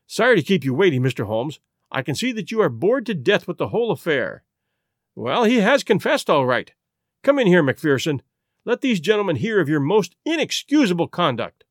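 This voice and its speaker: A man's voice: sits high, big pitch swings, a little fast, dry recording, studio quality. A man doing a smug boastful police inspector. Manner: boastful, lecturing. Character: brash self-satisfied police inspector, male. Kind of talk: audiobook reading.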